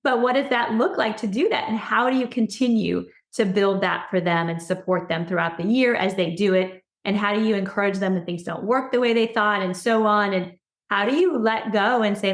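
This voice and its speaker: A woman speaking as a podcast guest, an education consultant talking earnestly and growing excited as she goes. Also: mid-range voice, fairly quick. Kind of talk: casual podcast conversation. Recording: roomy echo.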